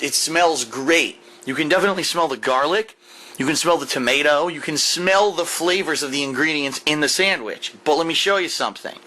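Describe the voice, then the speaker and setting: Brief: male food vlogger, bright forceful voice, a bit high, enthusiastic and repetitive, home camera mic. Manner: enthusiastic, emphatic, repeats himself. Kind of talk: casual food review to camera. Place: at home, indoors. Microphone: camera mic, set down while eating.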